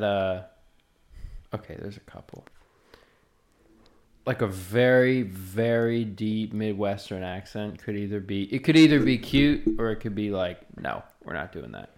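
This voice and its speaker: Easygoing Southern man in casual chat. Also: on the low side. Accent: American Southern. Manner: easygoing, agreeable. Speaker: podcast co-host.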